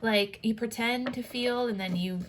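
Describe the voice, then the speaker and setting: A woman's voice: fairly high pitch, moderate pace, slight background noise. A young woman giving a casual tarot reading, rambling with lots of filler words and casual swearing. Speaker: tarot reader and spiritual coach.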